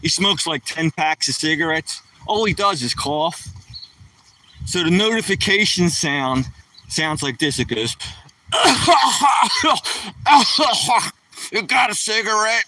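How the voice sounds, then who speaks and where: A man's voice: fairly high pitch, expressive, a little slow, pushed and bright. A middle-aged man rambling and joking casually on a live stream, somewhat far from the mic.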